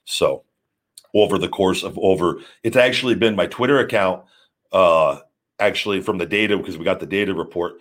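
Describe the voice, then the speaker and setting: A man's voice: deep voice, a little fast, a bit bright. A man hosting a live stream, talking casually in a rambling, blunt way and swearing freely. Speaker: show host.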